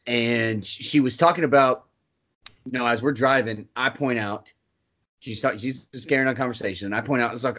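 A man co-hosting a podcast, chatting casually with a friend. His voice is bright and forceful. He tells stories with laughter and loud reenacted shouts, and he swears freely. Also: medium pitch, normal speed. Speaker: podcast co-host. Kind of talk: casual chat.

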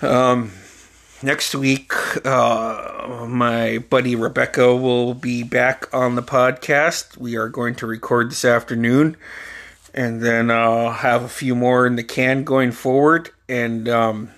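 A man's voice: mid-range voice, flat delivery, slow, a bit bright. A man in his forties hosting a podcast, telling a story in a loose, profane, rambling way and laughing along. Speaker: podcast host. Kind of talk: casual storytelling.

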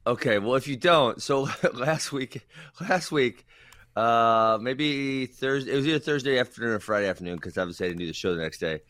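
A man's voice: medium pitch, lively intonation, a bit bright, no echo. Rambling, laughing male podcast co-host. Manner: rambling, laughs often, quick asides. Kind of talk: casual storytelling chat.

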